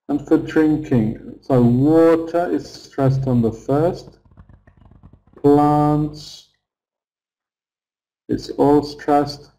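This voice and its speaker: A man leads an online lesson at an unhurried pace. His voice sits fairly high but sounds mellow and soft-edged. He repeats key phrases patiently for his students. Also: fairly even intonation, low-quality recording. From England. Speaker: English teacher.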